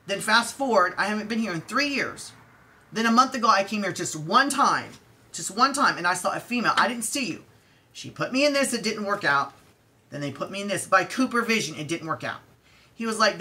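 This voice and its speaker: Bright-voiced woman ranting. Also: mid-range voice. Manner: exasperated, animated retelling with quoted dialogue; conversational with fillers and restarts. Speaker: vlogger. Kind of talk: storytime rant.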